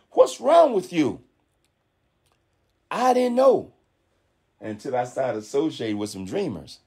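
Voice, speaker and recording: A man giving a fired-up motivational talk to his network marketing team, preachy and animated, acting out other people's voices in quotes. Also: on the high side, husky. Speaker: network marketing leader speaking on a call.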